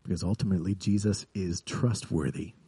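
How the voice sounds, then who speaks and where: Husky, mellow-voiced man preaching. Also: deep voice, a little fast, no room sound. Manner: earnest, builds to vivid emphasis then drops soft. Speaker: pastor. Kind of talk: sermon.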